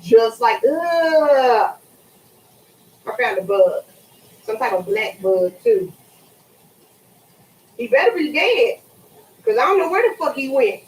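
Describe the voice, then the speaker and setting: Animated, profane woman cooking at home. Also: on the high side, measured pace, pauses often, roomy sound, low-quality recording. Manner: animated, profane, swears freely. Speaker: cooking vlogger. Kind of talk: casual chat while cooking. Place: home kitchen at the sink.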